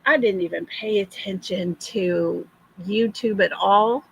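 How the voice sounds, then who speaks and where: An older woman, hoarse from illness, greeting viewers one by one in a slow, casual livestream chat. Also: mid-range voice, rough recording. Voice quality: gravelly, husky. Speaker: livestream host.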